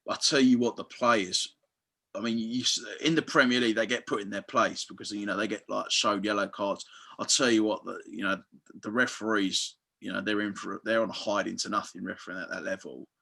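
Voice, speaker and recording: A man, chatting casually on a podcast and telling animated football stories, swearing freely and acting out what people said. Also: lowish voice, brisk, gravelly, breathy edge. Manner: animated storyteller, swears freely, acts out quotes. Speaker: football fan guest.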